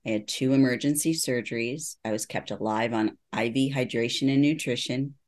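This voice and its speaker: A woman's voice: very deep voice, moderate pace, darkish tone. A middle-aged woman, a neuropsychologist, telling her story as an interview guest in an earnest storytelling manner. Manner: earnest storytelling, acts out quoted dialogue. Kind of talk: personal testimony in interview.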